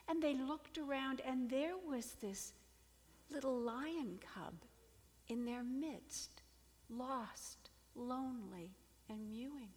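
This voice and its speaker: A woman preaching a sermon, telling a fable in an expressive storytelling manner with dramatic swings in volume. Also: a little high, long reverb tail.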